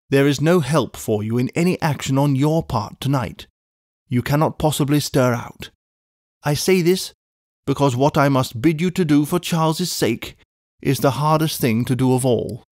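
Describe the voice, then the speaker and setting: Narrator doing an old gent, protective and urgent, giving firm orders, dry close sound. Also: male voice, on the high side, a little mellow, no room sound, natural voice. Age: older. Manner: urgent, commanding. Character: old man, loyal old friend, alarmed and protective.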